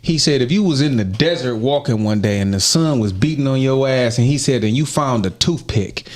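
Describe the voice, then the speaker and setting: A man hosting a podcast, telling a story in casual chat, profane and animated and often laughing. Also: medium pitch, brisk. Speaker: podcast host.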